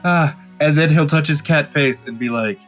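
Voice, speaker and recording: A man's voice: fairly high pitch, normal speed, fairly bright tone, soft background music. A man playing in a tabletop game who talks in a laid-back, drawling way. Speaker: player. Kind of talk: tabletop role-play banter.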